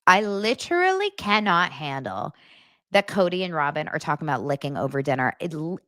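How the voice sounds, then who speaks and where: A woman's voice: sits low, very animated, fairly quick, a bit bright, no room sound, clean studio sound. A young adult woman hosting a celebrity gossip show, talking in a gushing, dramatic way with exaggerated reactions. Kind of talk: casual gossip commentary.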